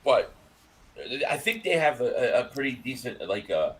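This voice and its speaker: A man's voice: mid-range voice, sing-song, moderate pace. A man co-hosting a casual sports podcast livestream, joking loosely and often restarting his sentences. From Italian-American. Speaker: podcast co-host.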